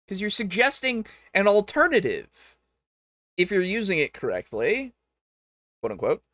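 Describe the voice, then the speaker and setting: A man reacting to videos as host, arguing with what he hears in an animated, talkative way and laughing often. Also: high-pitched, slow, long pauses, no room sound. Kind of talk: casual reaction commentary.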